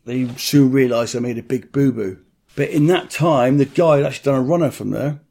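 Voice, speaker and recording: A man's voice: medium pitch, a little fast, creaky, mellow. A middle-aged man, telling a story bluntly in an interview, swearing freely and acting out other people's voices.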